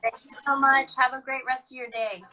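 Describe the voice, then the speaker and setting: Guest: Texas-raised woman singer, bright and slightly high, friendly and upbeat over a phone call. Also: flat delivery, moderate pace, a little hiss or hum. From United States (Texas). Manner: upbeat and friendly, breezy slang. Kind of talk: casual livestream chat. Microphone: phone on a livestream video call.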